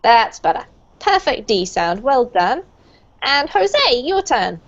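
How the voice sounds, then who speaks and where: Bright-voiced woman teaching pronunciation. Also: fairly high pitch, very animated, slow pace. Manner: encouraging, praising students. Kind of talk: online group class teaching. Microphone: video call. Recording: muffled lo-fi video call audio.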